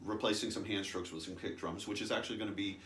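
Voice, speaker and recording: A drum teacher with a lowish voice and steady tone moves quickly through an instructional demonstration of stick strokes. His style is practical and conversational; he counts beats and adds "right?" often. The sound is roomy with heavy background noise, plus drums and clicks behind him.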